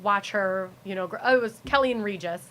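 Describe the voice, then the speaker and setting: A woman's voice: medium pitch, brisk, a bit bright. A young American woman, a TV meteorologist, chatting as a guest in a casual interview, rambling with many restarts and fillers. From United States.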